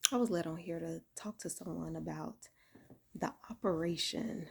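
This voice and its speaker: A woman casually telling a personal spiritual story indoors, keeping her voice low and soft so she doesn't wake her sleeping son. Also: creaky, husky. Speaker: vlogger sharing a spiritual testimony. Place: indoor room at home.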